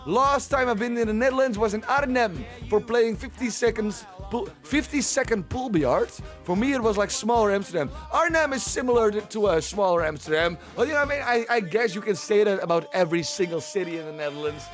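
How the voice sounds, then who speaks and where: A man's voice: sits high, animated, brisk, few pauses, soft background music. A man hosting a livestream, chatting casually and rambling, often repeating himself as he talks to his chat. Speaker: livestream host. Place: at home, streaming.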